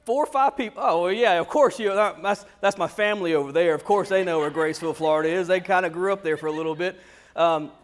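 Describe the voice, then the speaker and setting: A man pastor giving a sermon in an animated, conversational storytelling manner. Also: high-pitched, fast talker.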